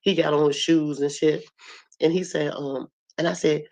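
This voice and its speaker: A hoarse woman with a cough, telling a story to her audience in a blunt, colorful, animated way. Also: low voice, normal speed. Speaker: host.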